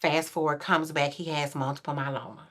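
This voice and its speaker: Woman in her forties, bright and forceful voice, animated storyteller, casual podcast chat. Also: a little fast. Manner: animated, acts out quotes in a louder, higher voice. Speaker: podcast guest.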